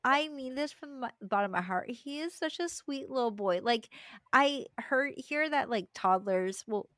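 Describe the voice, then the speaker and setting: A woman's voice: high voice, lively intonation, normal speed, a bit bright, no echo, studio quality. A young adult woman co-hosting a podcast, chatting casually and animatedly, laughing and acting out quoted voices. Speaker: podcast co-host. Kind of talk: casual chat.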